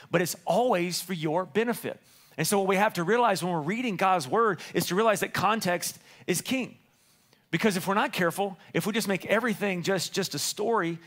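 A man preaching a sermon as pastor, animated and playful, acting out voices in his stories. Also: sits high.

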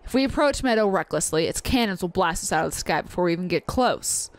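A woman's voice: lowish voice, expressive, fast talker. A woman reading aloud the lines of a proud young male bird warrior from a video game, in a stern, self-serious way. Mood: earnest.

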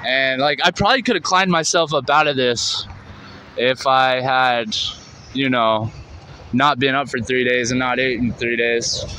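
A man's voice: mid-range voice, a little slow, sharp tone, slight background noise, low-quality recording. A man talking casually outdoors by a canal, rambling with lots of "like" and "man" and some swearing. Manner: loose, rambling talk full of "like" and "man", with swearing. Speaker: vlogger recounting his recovery. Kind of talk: casual spoken storytelling on location. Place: outdoors beside a canal near a street.

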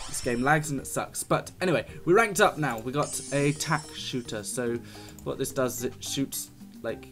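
Young guy doing let's-play commentary, jokey and hyped, middle pitch, faint music behind. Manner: excitable, jokey, talks to the game. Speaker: gaming YouTuber.

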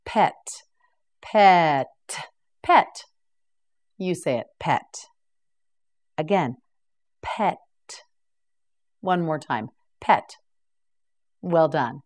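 A woman runs a slow, patient vocabulary drill, saying each word with careful enunciation. Her voice sits slightly low but moves a lot in pitch. She sounds encouraging. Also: animated, darkish tone. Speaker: English vocabulary teacher.

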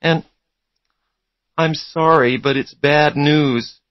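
A man's voice: on the high side, steady tone, takes it slowly, dry recording, dull audio, voice pushed up. A man reading a storybook, voicing a polite young woman who calls on a lawyer's behalf, formal and apologetic.

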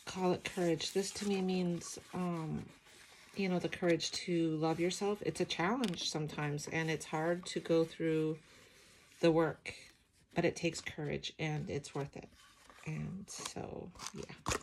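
Brief: middle-aged woman, sleepy gravelly low voice, reflective art-journal vlog, noisy recording. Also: steady tone, a little slow. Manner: soft, emotional, reflective, many ums. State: sleepy morning voice. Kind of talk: casual flip-through chat.

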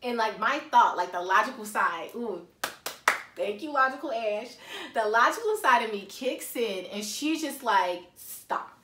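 A woman's voice: on the high side, unhurried, slight background noise. Chatty woman in an echoey room. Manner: chatty, slangy, animated storytelling. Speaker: faith vlogger. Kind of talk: casual confessional talk. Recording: echoey room, mic at a distance.

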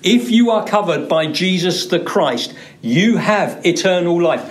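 A man's voice: a little high, expressive, a little slow. Emphatic man preaching a sermon. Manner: emphatic, repeats words for stress. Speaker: pastor. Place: church.

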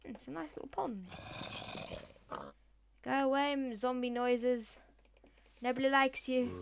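A woman's voice: fairly high pitch, unhurried, pauses often, noisy background. A woman giving casual Minecraft gameplay commentary, chatting to the mobs and villagers and swearing playfully as she goes. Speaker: Minecraft let's player.

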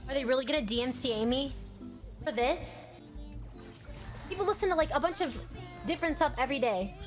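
A young adult woman chatting casually and excitably while commentating her own gameplay, quick to laugh and to yell at the screen. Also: sits high, music in the background. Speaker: gaming streamer.

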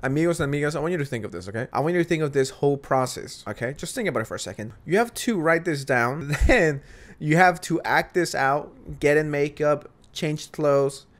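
A man's voice: a little high, lively intonation, brisk. A man hosting a reaction commentary, talking bluntly and mockingly, swearing often and laughing at what he watches. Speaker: commentary host.

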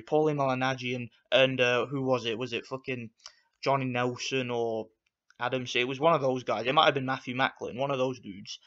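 A man vents furiously in a fight review, cursing and hammering the same points again and again. His voice sits at an ordinary mid pitch. The audio is dull and lo-fi. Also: a bit bright. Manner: angry, profane, repetitive ranting. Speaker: boxing video reviewer. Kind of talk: heated fight review rant.

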